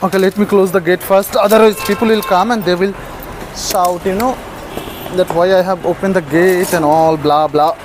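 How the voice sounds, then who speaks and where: Man, high voice, coos pet names at dogs, noisy outdoor street recording. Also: steady tone, moderate pace. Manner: coaxing, affectionate baby talk, frequent laughs. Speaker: vlogger feeding stray dogs. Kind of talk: casual vlog talk to dogs. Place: outdoors, terrace and stairs in a city.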